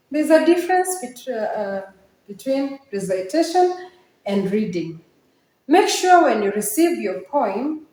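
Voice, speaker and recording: A woman's voice: medium pitch, darkish tone, reverberant, poor audio. A woman teaching a literature lesson on poetry, speaking emphatically and asking her students questions. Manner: emphatic, questioning, slow and deliberate.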